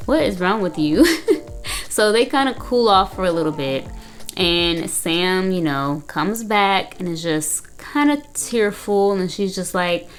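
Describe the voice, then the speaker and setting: A woman's voice: lowish voice, animated, slow, soft background music. A young woman recapping and reacting to a reality show in casual chat, blunt and full of "like" and "you know". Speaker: reaction video host, counseling student.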